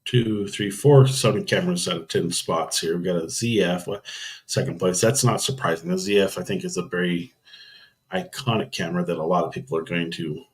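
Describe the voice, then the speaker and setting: A man's voice: low voice, brisk. A man hosting a casual live stream, rambling through camera news and thinking aloud with frequent ums and restarts.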